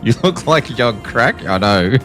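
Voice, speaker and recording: A man's voice: medium pitch, very animated, moderate pace, over music. A man with an Australian accent chatting casually on a livestream, talking freely and laughing often. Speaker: streamer.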